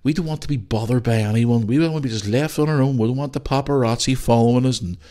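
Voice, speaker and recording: A man's voice: mid-range voice, fast talker, warm tone, pitched above the performer's own voice, lightly acted. A whiny, self-important celebrity begging to be left alone, as a man mocks them in a raised, simpering voice. The tone is sneering and overdone. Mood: mocking. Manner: mocking, simpering.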